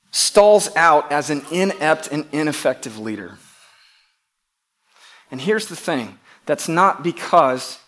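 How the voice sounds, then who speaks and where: A male pastor delivers an emphatic sermon, his voice sitting a little high for a man. He often repeats words and swings between loud, pressing lines and hushed ones.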